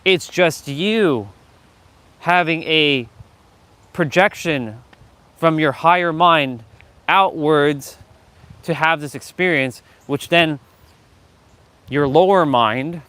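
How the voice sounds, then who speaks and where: On a dry recording, a man's fairly high, somewhat bright voice runs a motivational livestream. Addressing chat members directly by name, he preaches with fiery energy and curses liberally.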